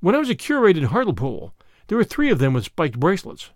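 A man's voice: a little high, wildly swooping pitch, quick pace, no room sound, studio quality. A man doing a mild, apologetic little priest. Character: small timid-seeming mild male priest. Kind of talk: audiobook reading of a classic story.

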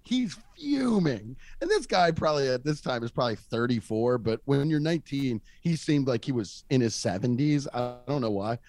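A man's voice: medium pitch, normal speed, few pauses. A young man telling a funny story in casual chat, laughing as he goes. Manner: animated, laughing through his stories. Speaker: comedian guest.

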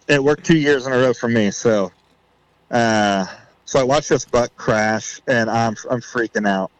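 A man tells a story on a podcast in a loose, casual way, acting out what he thought at the time. His voice sits at an ordinary pitch and comes through a close mic in a dry room with no echo. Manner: excited storyteller, reenacts his own thoughts. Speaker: podcast guest.

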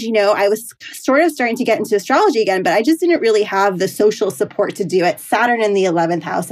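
A woman in her thirties, an astrologer, telling stories in a casual interview, chatty and full of "like" and "you know". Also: a little high. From New York City. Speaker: astrologer guest.

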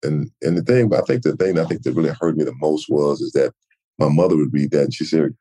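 A man from Texas in his sixties, a retired football player telling animated stories in an interview. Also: very deep voice, fast, slightly rough. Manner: animated storyteller, acts out quoted voices. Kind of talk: storytelling interview.

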